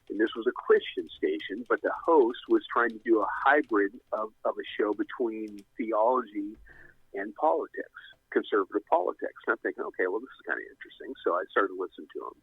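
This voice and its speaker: Over a tinny, dry phone line, a middle-aged man with a lowish, slightly rough voice tells a long story as a guest. His casual telling rambles and keeps restarting.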